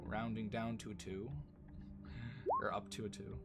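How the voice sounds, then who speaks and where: A man running a tabletop game as dungeon master, talking casually and haltingly with frequent ums. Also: fairly low pitch, level tone, fairly bright tone, soft background music. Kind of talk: tabletop game session chat.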